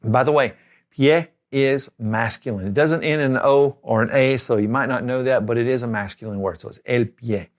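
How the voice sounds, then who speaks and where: A man's voice: mid-range voice, normal speed. A middle-aged man giving a spoken vocabulary lesson as a tutor, repeating each word twice for learners. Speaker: language tutor.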